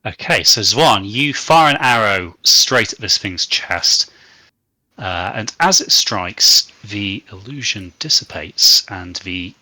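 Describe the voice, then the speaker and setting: A man narrating a tabletop game as game master, with steady descriptive narration. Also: fairly low pitch, slow pace, no room sound.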